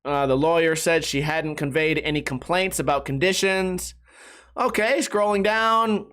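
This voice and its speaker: A man's voice: a little high, unhurried, fairly bright tone. Profane rambling male podcast host. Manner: rambling, profane, self-mocking. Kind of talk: casual solo podcast rant.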